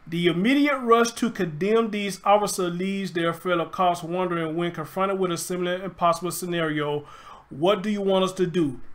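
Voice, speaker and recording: Male live-stream host, high voice, Memphis drawl, reads the news aloud and comments emphatically. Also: fairly bright tone. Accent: Memphis Southern. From Memphis, USA. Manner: reads aloud then reacts emphatically, greets viewers. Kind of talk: casual live-stream commentary reading an article.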